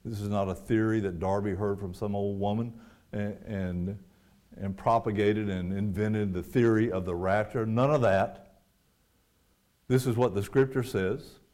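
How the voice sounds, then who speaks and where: Male preacher, fairly low voice, dynamic sermon delivery with loud peaks and soft asides. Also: fairly even intonation, unhurried.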